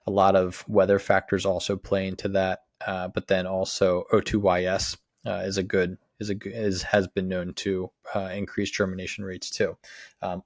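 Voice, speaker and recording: Deep, flat-voiced man giving lawn tips. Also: no echo, clean studio sound. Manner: plain how-to explaining with many "uh"s. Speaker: lawn care co-host. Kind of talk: casual instructional talk.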